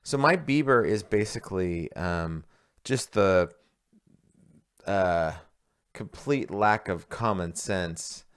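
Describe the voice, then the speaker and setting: A man with a notably deep, low voice co-hosting a podcast. He tells rambling stories in casual chat, circling back and restarting his sentences as he goes. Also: slow pace, a bit bright, clear, resonant tone. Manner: rambling, storytelling, many fillers and restarts. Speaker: podcast co-host.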